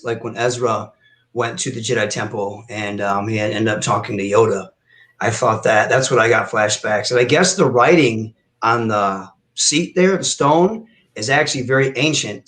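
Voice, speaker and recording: A man's voice: medium pitch, fairly bright tone. A man speaking as a guest in a casual reaction chat, thoughtfully sharing fan theories.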